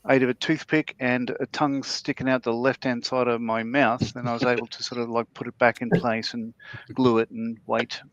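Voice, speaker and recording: A man's voice: medium pitch, level tone, moderate pace. Man, rambling, on a dull call line. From Australia. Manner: rambling, self-deprecating, frequent ums and restarts. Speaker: panelist. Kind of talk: casual chat while building a model. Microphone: video call.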